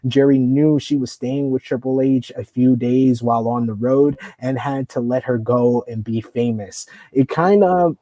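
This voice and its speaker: A man's voice: mid-range voice, unhurried, hardly any pauses, mellow, no echo. A man co-hosting a wrestling review show, recapping a documentary and reading out viewer comments in a casual, conversational way. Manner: recaps the story and reads viewer comments aloud.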